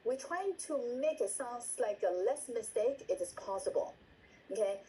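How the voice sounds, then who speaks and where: Trainer: woman, dark-toned and repetitive, acts out examples, video-call sound with faint hiss. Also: a little high, expressive, moderate pace, poor audio. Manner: repeats words, asks "right?" often, acts out example lines. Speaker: meeting trainer. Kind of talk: instructional talk on a video call.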